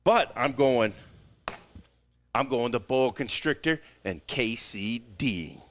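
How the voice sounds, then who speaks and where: A man's voice: mid-range voice, slow pace, slight background noise. A man co-hosting a sports podcast, hyping picks with whoops and laughter. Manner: excitable, hype, whoops and laughs. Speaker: podcast co-host. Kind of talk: casual sports banter.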